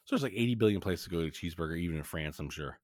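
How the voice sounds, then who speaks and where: A man's voice: sits low, lively intonation, racing, a little mellow, no room sound, studio quality. A man hosting a podcast, recapping an old cartoon episode in a joking, rambling casual chat full of fillers. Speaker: podcast host.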